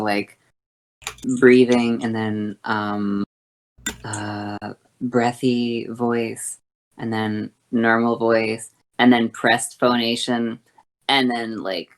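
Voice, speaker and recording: Woman, voice teacher, gravelly creaky tone, slow delivery, halting with many fillers. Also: rumbling low, fairly even intonation. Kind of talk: explaining voice exercises.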